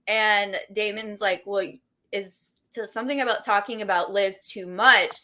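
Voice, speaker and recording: A woman co-hosting a casual podcast, telling the week's wrestling drama in an excited, gossipy way. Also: medium pitch, a little slow. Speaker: podcast co-host. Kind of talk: casual wrestling recap chat.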